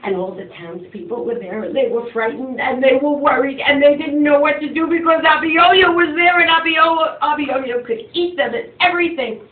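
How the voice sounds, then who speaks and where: Woman, storyteller, animated, dramatic, roomy echo, phone-like sound. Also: sits high, normal speed, hardly any pauses. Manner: dramatic, big swings of voice for effect. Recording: far from mic, phone-like, echoey, faint noise.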